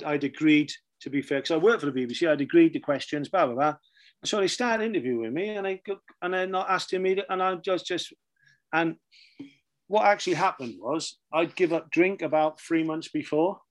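A middle-aged man with a Welsh accent telling casual anecdotes, laughing often and checking in with "right?" as he goes. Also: on the high side. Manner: chatty, laughs often, repeats "right?" for emphasis. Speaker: storyteller recounting his career.

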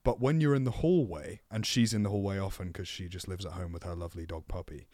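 A man's voice: sits low, fast talker, mellow, dry recording. Teasing man, casual chat. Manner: playful, teasing, swears a lot, goes off on tangents. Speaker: podcast co-host.

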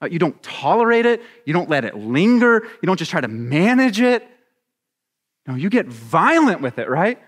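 A man preaching a sermon as a pastor, animated and acting out little scenes with voices. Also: high voice, normal speed, in a large hall.

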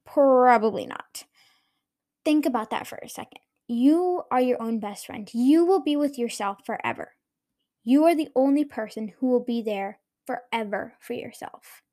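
A young woman hosts her own podcast in a voice on the high side, expressive and mellow, at a normal pace. She talks casually and earnestly, encouraging her listeners directly.

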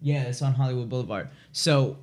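A man's voice: mid-range voice, a little fast, darkish tone. A man co-hosting a podcast in laid-back, profane casual chat, laughing through his stories. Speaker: podcast co-host.

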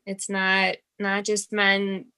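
A woman's voice: mid-range voice, completely flat delivery, slow, sharp tone, clear, resonant tone. A woman who is a podcast guest, laughing easily and swearing casually. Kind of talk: casual chat.

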